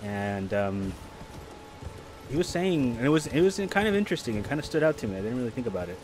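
A man streaming a game live, chatting casually and rambling between loud, excited reactions to the play. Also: mid-range voice, quick pace. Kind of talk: casual live gameplay chat.

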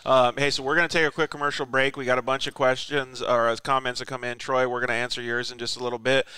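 Podcast host guy, bright clear voice, relaxed chat, quick with the announcements. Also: medium pitch, dry recording. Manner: relaxed, conversational, brisk announcements. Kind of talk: casual chat.

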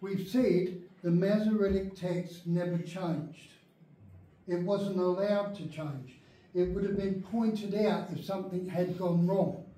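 A man leads an adult Bible class in a church meeting room, his high, warm voice slow and steady in tone. He's emphatic, often making sure people follow along. The space is very echoey, with the speaker far from the microphone.

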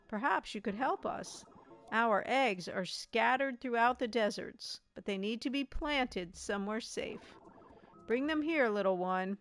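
A woman voicing a giant, gentle, motherly female creature queen in a video game, speaking with a gracious, cooing manner. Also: mid-range voice.

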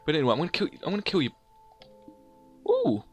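A man doing excitable game commentary, humming sound effects and theme music as he plays. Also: a little high, very fast. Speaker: let's play gamer.

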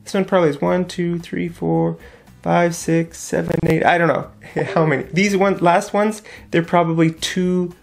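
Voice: mid-range voice, flat delivery, normal speed, gravelly, soft background music. A teacher giving a vocabulary lesson to English learners, repeating each new word and asking the class questions.

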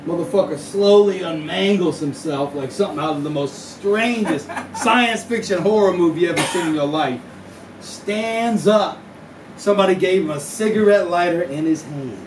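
A man telling a profane tall tale live, in a drawling deadpan manner broken by sudden yelps. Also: high voice, normal speed, far from the mic, background noise. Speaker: storyteller. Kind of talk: live spoken-word storytelling over guitar. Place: live venue. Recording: roomy live recording from off mic. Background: plucked guitar music.

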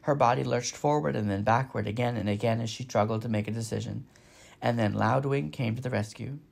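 Gravelly, husky man reading a storybook. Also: medium pitch, brisk. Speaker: storybook reader. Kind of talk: reading a children's novel aloud.

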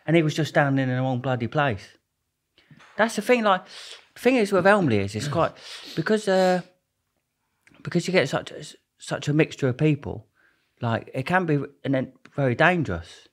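A man's voice: on the high side, very animated, moderate pace. A young Englishman, a podcast guest telling stories in a rambling, laughing way with many restarts. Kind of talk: casual storytelling.

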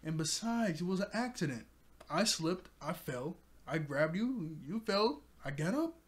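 A man putting on a high voice to play a sharp, exasperated young woman navigator, with a squeaky, incredulous manner. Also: big pitch swings, unhurried. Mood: defensive.

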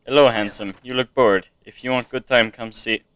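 A man's voice: mid-range voice, fairly even intonation, normal speed, a bit bright, clear, resonant tone, dry recording, close to an everyday voice. A man voicing a flirty foreign woman entrant at a border booth with a put-on foreign accent.

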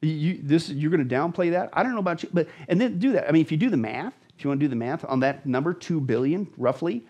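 A man's voice: a little high, expressive, quick pace, hardly any pauses, dark tone, slightly rough, highs cut off. A man, a pastor, explaining Bible prophecy as a guest in an emphatic, dramatic way, repeating words for emphasis. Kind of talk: emphatic Bible teaching in conversation.

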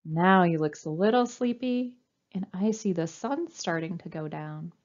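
Lively sing-song woman reading to children. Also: lowish voice, unhurried, muffled recording. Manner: animated, sing-song, coaxing. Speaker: children's librarian. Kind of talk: storytime read-aloud.

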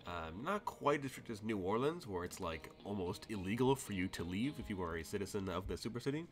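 Low-voiced, laughing game master. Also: male voice, lively intonation, fairly quick, faint music behind. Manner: rambling, laughs often, thinks aloud with many fillers. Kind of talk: narrating a tabletop game.

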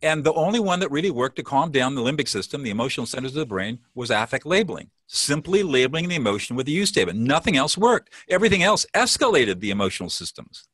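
A man explaining calm-down techniques with a confident, lively voice whose pitch rises and falls a lot. The sound is dry and close, with no room echo. He acts out sample phrases as he teaches. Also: fast talker, hardly any pauses. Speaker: peacemaker and mediation teacher, guest. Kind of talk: explanatory interview talk.

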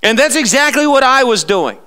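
A man's voice: very high voice, sing-song, moderate pace, bright, forceful tone. A male pastor preaching a live sermon in church, emphatic and fond of sarcastic rhetorical questions.

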